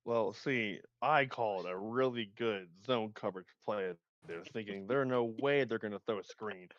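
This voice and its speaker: A man's voice: on the low side, normal speed. Wry male coach with a dull mic. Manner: wry storytelling. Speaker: defensive coordinator. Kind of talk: casual chat.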